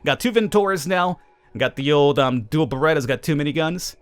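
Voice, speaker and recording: A man's voice: on the high side, animated, a little fast, clear, resonant tone. A man hosting a casual let's-play commentary, playful and sarcastic, asking his viewers rhetorical questions over game music. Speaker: gaming channel host.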